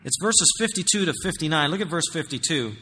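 High, bright-voiced preacher in a reverberant hall. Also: male voice, lively intonation, quick pace, husky. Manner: emphatic preaching, swinging between loud and hushed. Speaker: pastor. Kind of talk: sermon.

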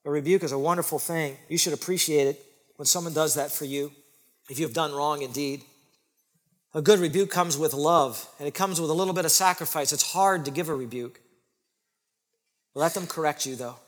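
Man, pastor, sermon, high-pitched, emphatic, repeats lines for stress, echoing sanctuary. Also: normal speed. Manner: emphatic, repeats phrases for stress, swings from loud to soft.

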